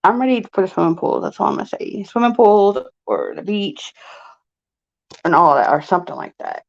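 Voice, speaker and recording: A woman's voice: medium pitch, animated, moderate pace, creaky. A woman chatting casually during a live stream, laughing and chiming in with short remarks. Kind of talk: casual chat. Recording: dull lo-fi sound.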